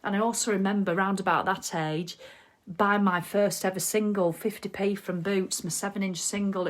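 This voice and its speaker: A middle-aged woman chatting casually on a live video as a wellness coach, reading out viewer comments. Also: mid-range voice. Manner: chatty, animated, reads viewer comments aloud. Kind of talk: casual live-stream chat.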